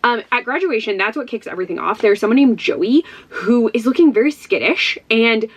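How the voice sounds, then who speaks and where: A woman's voice: on the high side, lively intonation, fairly quick. A woman from Ohio chatting casually to camera about books. She is bubbly and chatty, and often breaks into laughter. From Ohio, USA. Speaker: book vlogger.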